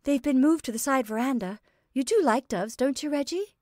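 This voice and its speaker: A woman's voice: high-pitched, no room sound, studio quality, pitched above the performer's own voice, natural voice. A woman doing a giggly, flighty young woman. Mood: cheerful. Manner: bright, bubbly, quick to laugh.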